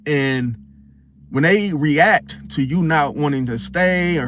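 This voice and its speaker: A man's voice: on the high side, slow pace, a bit bright, slight background noise. Rambling man who keeps saying "see?". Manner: rambling, keeps asking "see?", many restarts. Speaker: astrology channel host. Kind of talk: casual talk to camera.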